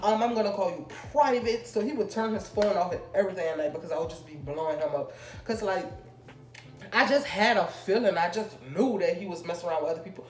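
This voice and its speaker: A young woman vlogger telling a personal story in casual, rambling chat full of fillers. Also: on the low side. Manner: chatty, rambling, drawn-out fillers. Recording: echoey room with faint music.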